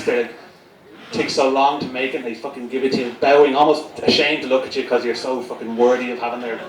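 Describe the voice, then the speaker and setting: A man performing a live stand-up set, sardonic and foul-mouthed, rambling through his stories. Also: medium pitch. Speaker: stand-up comedian. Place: comedy gig venue, indoors. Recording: roomy, distant mic, crowd noise. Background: audience laughter.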